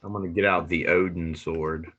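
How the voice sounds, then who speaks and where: A man with a very deep voice stating his moves in a tabletop game, brief and to the point. The recording is dull and lo-fi. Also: fairly even intonation, moderate pace, fairly bright tone. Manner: terse, short declarations. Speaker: player. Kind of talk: casual tabletop play.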